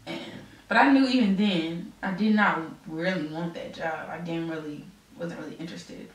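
A woman's voice: lowish voice, normal speed, far from the mic. A young woman chats as an interview guest, easygoing and full of fillers and restarts. She sits well back from the mic, and her voice rings around a very echoey room. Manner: chatty, many fillers and restarts. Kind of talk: casual conversational interview.

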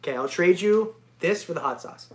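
A man hosting a casual reptile livestream, jokey and excitable, often breaking into laughs. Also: high-pitched, fairly quick, a little hiss or hum. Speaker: reptile channel host. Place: home reptile room. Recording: echoey room.

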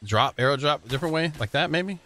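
A young man in casual gameplay banter with a lively, bright mid-range voice. He talks playfully, tripping over his words and starting sentences again. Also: a little high, a little fast. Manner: chatty, stumbles and restarts, playful. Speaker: co-player.

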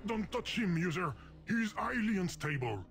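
An actor voicing a flustered, put-upon talking game who pleads and complains. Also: male voice, high-pitched, sing-song, moderate pace, vocal fry, background noise, full character voice. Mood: exasperated. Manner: exasperated, pleading.

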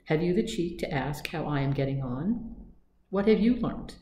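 A woman's voice: low voice, animated, normal speed, mellow. A woman voicing an arrogant, scornful male fox in a storybook reading, sneering and boastful. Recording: echoey room with faint ambience.

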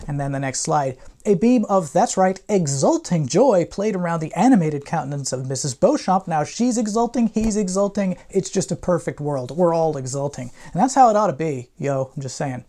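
A man's voice: on the high side, lively intonation, normal speed, few pauses, dark tone. A male professor giving a classroom lecture in a playful, irreverent way, with slangy asides and theatrical readings of quoted passages.

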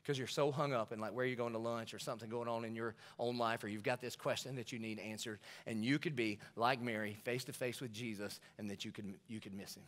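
A man preaching a sermon, telling stories in a lively way and acting out the people in them. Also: medium pitch, fast, few pauses. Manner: animated storytelling preacher acting out scenes. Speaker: pastor. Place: large church auditorium. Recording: large hall with long reverb.

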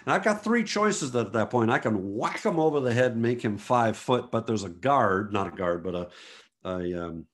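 A man from the United States, a photographer giving a motivational talk to an online group, telling stories and acting out what people said with big jumps in pitch. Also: normal speed. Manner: animated storyteller, acts out quotes with big pitch jumps.

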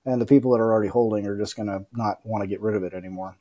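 A man's voice: fairly low pitch, fairly even intonation, racing, a crowd in the background. A man talking as a podcast guest in casual conversation, rambling with lots of "like" and "you know" and acting out the quoted voices of other people. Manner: rambling, acts out quoted voices, many fillers.

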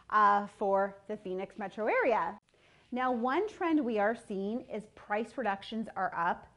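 A woman real estate agent talks straight to a camera. She is upbeat and chatty as she walks through a monthly market update. Her delivery is casual and explanatory. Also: on the high side. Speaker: real estate team leader. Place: filmed by a videographer.

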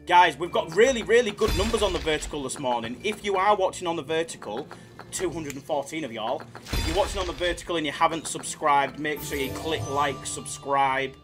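Over music, a man with a Yorkshire accent hosts a live slots stream, chatting and joking casually with viewers and laughing often. He speaks briskly in a fairly high voice.

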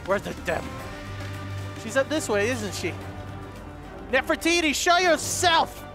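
High-voiced guy doing let's play commentary, yelps and giggles, music going behind. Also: a little slow, pauses often. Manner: excitable, loud outbursts and giggly laughter. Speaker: gaming YouTuber.

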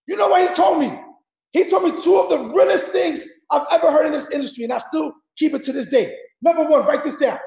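Brief: loud, high-voiced man firing up a sales team in an echoey room, gravelly edges, drills every point twice. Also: fast talker. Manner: loud, repetitive, drilling the audience with numbered points; street-slang preaching, rough gravelly shouting. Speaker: network marketing leader. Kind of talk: shouted motivational speech.

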